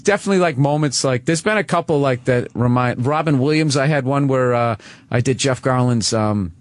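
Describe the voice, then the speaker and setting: A Boston-accented man in his forties rambles through a profane, self-mocking story as a talk-show guest. His voice sits in an ordinary middle pitch. The sound is dry and close. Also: fairly quick, no echo. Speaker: comedian guest.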